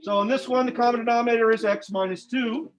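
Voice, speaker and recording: A man's voice: very high-pitched, fairly even intonation, quick pace. A man teaching algebra to a class, informal and joking, quizzing his students as he works through problems. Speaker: math teacher. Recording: dull lo-fi classroom recording.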